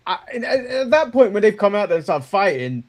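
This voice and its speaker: A man's voice: high voice, very animated, brisk. A man co-hosting a casual wrestling review chat, rambling and joking, chuckling at his own remarks. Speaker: co-host.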